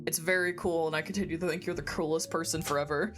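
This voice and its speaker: A woman's voice: sits low, fairly even intonation, fast. A woman streamer chatting casually while playing a game, giggling often and swearing freely, her throat phlegmy and congested. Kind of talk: casual chat while gaming. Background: game music.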